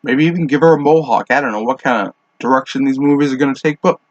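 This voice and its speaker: A man's voice: medium pitch, fast, no room sound. A man rambling casually through a solo monologue, offhand and full of fillers and restarts, smoking as he talks. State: smoking while talking. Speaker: podcast host. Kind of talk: casual monologue on fan casting. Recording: dull, dry lo-fi home mic.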